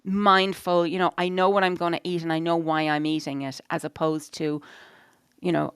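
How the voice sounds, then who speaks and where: Smooth-voiced woman, frank and rambling. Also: fairly low pitch, little pitch movement, moderate pace, dry recording, studio quality. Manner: rambling, frank, swears, many "you know"s. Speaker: podcast co-host. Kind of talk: casual chat.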